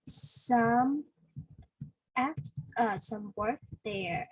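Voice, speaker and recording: A woman with a husky, slightly high voice gives a patient one-on-one vocabulary lesson. She talks slowly, leaning on fillers as she explains words. The recording is close and dry. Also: no room sound, low-quality recording. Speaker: English teacher.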